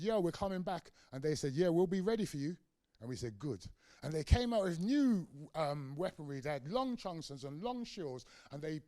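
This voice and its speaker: A London man in his sixties, a community activist, gives a public lecture in a lecture room, passionately telling stories and acting out the dialogue. His voice is on the high side and slightly mellow, recorded dry.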